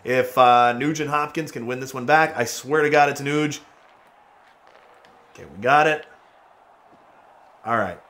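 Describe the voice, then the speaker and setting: A man giving lively, excitable gameplay commentary as a gaming channel host, trash-talking players and laughing often. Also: mid-range voice, unhurried, pauses often. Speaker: gaming YouTuber.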